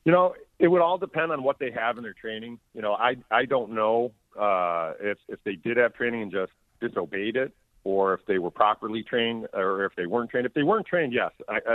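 The speaker is a county sheriff with a voice on the low side, heard on a tinny phone line with no room sound. As a radio interview guest, he stays firm and plainspoken and repeats words when he's being emphatic.

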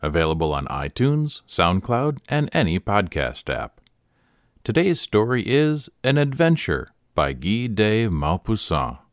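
Deep-voiced male story narrator. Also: sing-song, unhurried, no echo, studio quality. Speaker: podcast host and story reader. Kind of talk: scripted narration.

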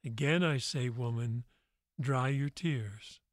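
A man reading Jesus, calm and firm. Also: medium pitch, no room sound, clean studio sound, pitched below the performer's own voice, close to an everyday voice. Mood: gentle. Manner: calm, commanding, measured. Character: gentle, firm male teacher Jesus.

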